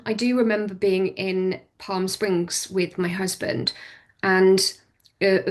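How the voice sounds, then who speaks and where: Chatty woman, laughing guest. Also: fairly low pitch. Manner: chatty, laughs often, restarts sentences. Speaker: podcast guest, business owner. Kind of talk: casual interview chat.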